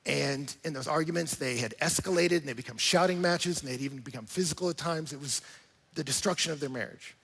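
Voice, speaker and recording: A man preaching a sermon to a church congregation, animated and full of rhetorical questions, sometimes acting out little scenes. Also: on the high side, fairly quick, slightly rough, big-room sound. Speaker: pastor.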